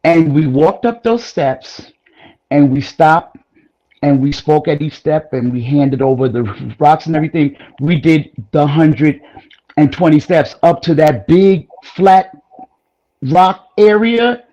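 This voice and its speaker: A woman guest in a casual chat, telling a personal story in an animated, rambling way with frequent exclamations. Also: low voice, slow pace, dull audio.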